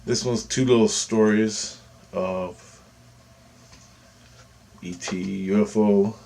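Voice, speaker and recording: A man's voice: lowish voice, fairly even intonation, slow, creaky, mellow. A man vlogging a personal story to camera in a loose, rambling way, full of asides.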